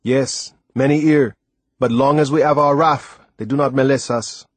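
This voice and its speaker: A man's voice: mid-range voice, fairly even intonation, normal speed, no echo, pitched above the performer's own voice, natural voice. A man reading a storybook, voicing an old sailor from the with a lilting dialect and an earnest manner. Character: old West Indian sailor, calm, devoted.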